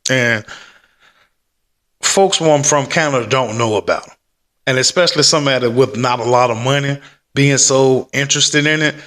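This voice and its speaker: A man's voice: medium pitch, moderate pace, pauses often, a bit bright. A man chatting loosely from a desk at home in a rambling, slangy vlog. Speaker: stock-market vlogger. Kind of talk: casual rambling vlog chat.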